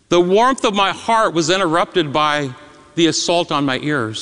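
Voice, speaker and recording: A man preaching a sermon as an emotional story, stammering repeats and swinging between loud and hushed. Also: a little high, a little slow, clean tone. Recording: long reverb in a large hall.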